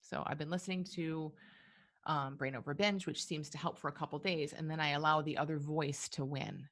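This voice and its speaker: A woman's voice: sits low, fairly even intonation, normal speed, no echo, studio quality. A woman hosting a live webinar, answering listener questions in a reflective way with many fillers. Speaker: webinar host and coach.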